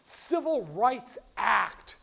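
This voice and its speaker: Older guy telling history stories, high voice, folksy and animated, fixes himself mid-sentence. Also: extremely slow, gravelly. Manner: animated, folksy, self-correcting. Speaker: storyteller. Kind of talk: casual historical storytelling.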